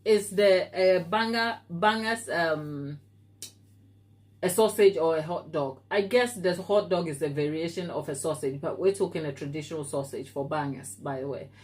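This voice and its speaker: This woman from Africa, speaking at normal speed in a lowish, slightly mellow voice, runs a live baking stream from her home kitchen. She reads viewers' comments in easygoing chat and teases them playfully by name.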